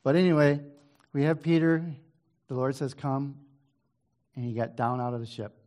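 A man giving an informal Bible study. He reads the old scripture verses at an even pace, then drops into loose, musing talk with restarts and asides, now and then clearing his throat. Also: mid-range voice, normal speed. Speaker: Bible teacher.

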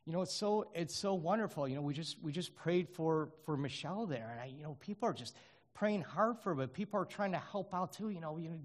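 A middle-aged man giving an informal sermon to his congregation, earnest and halting, with many fillers and restarts. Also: a little high. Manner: earnest, grows animated. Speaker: lay preacher.

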